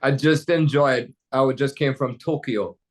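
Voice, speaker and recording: A man's voice: mid-range voice, moderate pace. Older Jamaican man telling rambling stories. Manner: rambling, storytelling, many restarts and "you know"s. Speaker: jazz pianist guest. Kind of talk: casual conversation. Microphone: video call.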